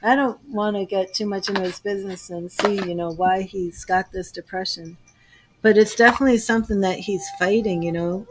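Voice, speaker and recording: A woman's voice: medium pitch, fairly even intonation, brisk, slight background noise, low-quality recording. A woman giving a live tarot reading, effusive and emotional, often laughing between thoughts. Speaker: tarot reader.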